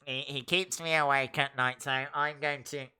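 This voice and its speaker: A man's voice: on the high side, fairly even intonation, pushed and bright, clear, resonant tone, voice pushed down. A man putting on a stammering nerdy game developer. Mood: nervous. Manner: halting, stammering, mumbling. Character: timid nerdy young male game developer.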